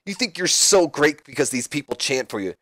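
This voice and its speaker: A smug, sneering wrestler who mocks his rivals at every turn, as a man puts him on. The voice is pitched high and swings up and down with each taunt. The sound is dry and close. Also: very animated, fairly quick, a bit bright, dry recording. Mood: mocking. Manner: taunting, mocking. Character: sneering arrogant male wrestler.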